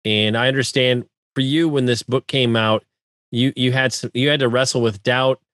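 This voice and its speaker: A man hosting an interview, asking long, thoughtful questions with halting restarts. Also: medium pitch, fairly even intonation, a bit bright, no echo, studio quality. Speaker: podcast host.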